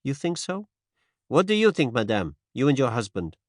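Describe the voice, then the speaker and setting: A man's voice: medium pitch, sing-song, moderate pace, no echo, studio quality, pitched above the performer's own voice. A man reading the part of a fussy, precise older detective who slips French words into formal speech. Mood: courteous.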